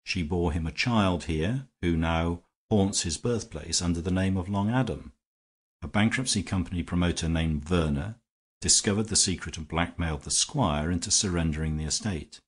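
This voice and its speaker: A man doing a dry, ironic English gentleman. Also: low-pitched, moderate pace, slightly rough. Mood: calm explaining.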